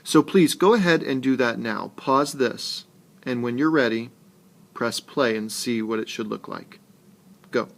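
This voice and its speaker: A man's voice: mid-range voice, measured pace, gravelly. A man teaching a screencast lesson on poetry, patient and instructive. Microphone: tablet screencast mic.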